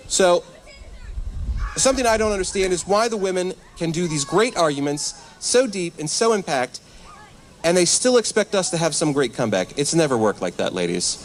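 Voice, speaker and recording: High-voiced comedian man, animated. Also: slight background noise. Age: 30s. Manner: animated, self-deprecating, addresses the crowd directly. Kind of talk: stand-up comedy storytelling. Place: live event at a church.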